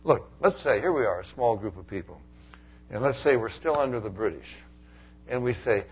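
A man preaching a Bible sermon, animated, swinging from loud emphatic lines down to quiet asides. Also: medium pitch, normal speed, husky, dull audio.

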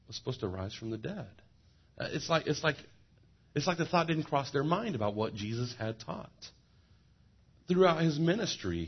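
A man preaching a sermon as pastor, animated, with joking asides and repeated words, on a dull lo-fi recording. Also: on the low side, husky.

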